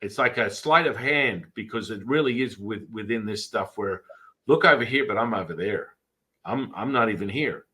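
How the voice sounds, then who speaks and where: A man's voice: on the low side, moderate pace, bright, forceful tone, low-quality recording. A man, a Taoist priest hosting a podcast, chatting casually and telling rambling stories with acted-out quotes. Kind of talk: casual storytelling chat.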